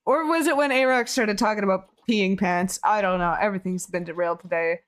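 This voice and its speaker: A hoarse woman streamer chatting casually with her viewers, rambling, laughing often and swearing freely. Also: mid-range voice, a little fast. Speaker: game streamer. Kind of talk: casual chat with viewers while building.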